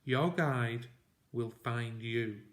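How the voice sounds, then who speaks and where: A man reading a storybook aloud, voicing a dying hunter father who speaks gravely in short, breathless phrases. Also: medium pitch, very slow. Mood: urgent.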